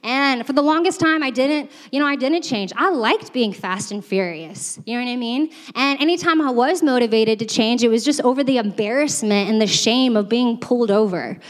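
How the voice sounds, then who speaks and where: A woman's voice: a little high, normal speed, few pauses. A young woman on a church's staff, telling a self-deprecating story in a sermon, chatty and laughing often, with lots of fillers. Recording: long reverb from a large hall.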